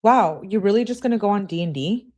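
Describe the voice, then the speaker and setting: A woman's voice: medium pitch, animated, fast, darkish tone, voice pushed up, lightly acted. A woman reading aloud as an upset teenage girl, clingy and indignant, complaining in an exasperated way. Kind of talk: reading text messages aloud.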